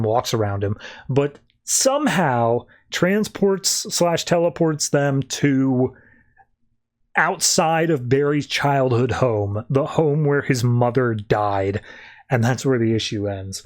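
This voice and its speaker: A man casually recapping a comic on a podcast, slipping into quick, loose character voices as he retells each scene. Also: medium pitch, animated. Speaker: podcast co-host.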